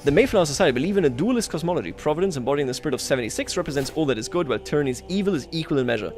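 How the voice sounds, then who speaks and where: A man's voice: on the high side, expressive, very fast, a little mellow, faint music behind. A man livestreaming a strategy game, talking casually to his chat, self-mocking and chuckling often. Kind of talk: casual gameplay commentary.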